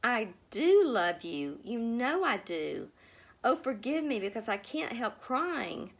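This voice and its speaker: Storybook, fearful young woman pilgrim, as a woman reader puts her on, high pleading voice, tearful. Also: big pitch swings, measured pace.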